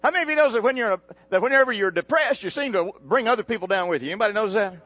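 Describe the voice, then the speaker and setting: Man, high voice, pastor, folksy call-and-response sermon, animated, muffled lo-fi sound. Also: very fast, no echo. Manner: preaching with call-and-response to the congregation; folksy, animated, with sudden pitch jumps.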